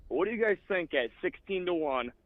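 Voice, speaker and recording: A man's voice: high-pitched, lively intonation, fairly quick, dry recording, narrow, tinny audio. A man calling in to a sports talk show to ask the hosts a question. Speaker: caller.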